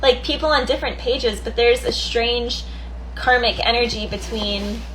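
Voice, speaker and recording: A woman's voice: fairly high pitch, normal speed, fairly bright tone, a little hiss or hum, rough recording. A woman doing a casual tarot card reading, chatty, thinking aloud and laughing easily. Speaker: tarot reader.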